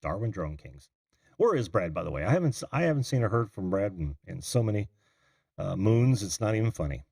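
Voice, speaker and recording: A man's voice: fairly low pitch, very animated, fast, gravelly, darkish tone, slightly rough, no echo, clean studio sound. A middle-aged man hosting a call-in livestream, rambling casually and answering viewers' chat comments. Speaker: call-in show host. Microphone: computer mic on a video call.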